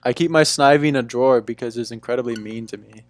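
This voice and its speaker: Young man, laid-back livestream host, mid-pitched, chatty, faint music underneath. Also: quick pace. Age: young adult. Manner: laid-back, chatty, calls viewers "dude". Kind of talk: casual live-stream chat. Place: room at home.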